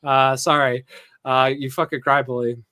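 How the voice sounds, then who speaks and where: A man's voice: mid-range voice, little pitch movement, normal speed, pushed and bright. A man hosting a podcast, rambling casually through a story, reading chat messages aloud with frequent chuckles and filler words. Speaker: podcast host.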